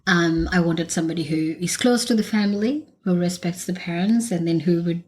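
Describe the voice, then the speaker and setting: A woman's voice: lowish voice, a little fast, a little mellow. A woman co-hosting a podcast in casual chat, talking with many fillers and restarts. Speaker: podcast co-host.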